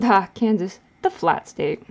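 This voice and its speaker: A woman's voice: medium pitch, animated, a little slow, muffled recording. A woman vlogger chatting casually while she draws, rambling and correcting herself as she goes. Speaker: art vlogger. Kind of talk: casual chat while drawing.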